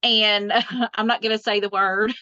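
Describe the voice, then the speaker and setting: A woman's voice: mid-range voice, level tone, measured pace, pushed and bright, smooth, no echo, highs cut off. A middle-aged woman, chatting as a guest on an interview podcast. She laughs often and trails off into restarts. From Southern United States. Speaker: guest quilter. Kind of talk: casual interview chat.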